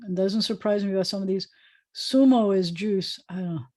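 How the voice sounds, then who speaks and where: A woman's voice: mid-range voice, a little fast, warm tone, no room sound. Chatty woman rabbi teaching online. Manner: chatty, thinking aloud, many fillers. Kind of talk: informal online lesson. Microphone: video call.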